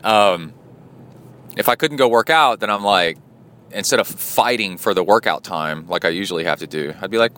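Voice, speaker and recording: A man's voice: deep voice, normal speed, fairly bright tone. A man hosting a triathlon podcast, talking in a rambling, casual way with lots of fillers. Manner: rambling, chatty, many fillers. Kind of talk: casual spoken diary.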